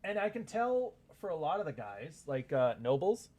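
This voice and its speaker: A man's voice: a little high, big pitch swings, normal speed, darkish tone. A man hosting a casual livestream chat, rambling and profane, reading viewer comments aloud and often laughing. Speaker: author and livestream host.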